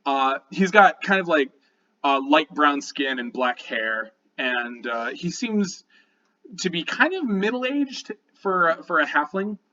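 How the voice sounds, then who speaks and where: Halting bright-voiced male dungeon master. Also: a little high, very animated, muffled recording. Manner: casual, halting, lots of fillers. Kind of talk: narrating a tabletop game.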